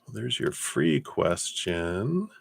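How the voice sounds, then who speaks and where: A man giving tarot readings on a live stream, relaxed and chatty, with many fillers and warm blessings to viewers. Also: low-pitched, takes it slowly, creaky, breathy edge, no room sound. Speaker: tarot reader.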